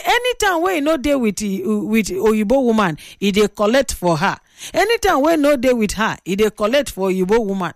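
A woman's voice: fairly high pitch, no echo, studio quality. A woman with a Nigerian accent hosting a radio call-in show, chatty and opinionated as she tells a story. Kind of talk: casual radio talk.

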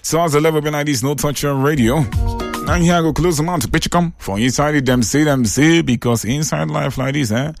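Nigerian guy hosting a call-in radio show, kinda high voice, super dry studio sound with a bit of music behind. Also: fairly quick, creaky, no room sound. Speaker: radio phone-in host. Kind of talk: lively radio talk in Pidgin.

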